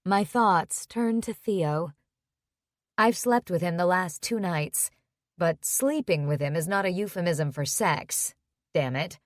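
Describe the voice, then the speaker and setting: A woman's voice: fairly low pitch, no room sound, studio quality. A woman narrating a romance audiobook in the first person, with an intimate, conversational inner-monologue manner.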